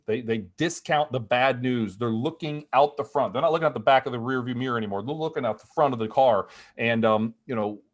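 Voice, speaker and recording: Fast-talking man explaining markets on a video call. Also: medium pitch. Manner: energetic, talks fast with frequent restarts and acted-out quotes. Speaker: guest market strategist. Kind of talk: animated conversational explanation.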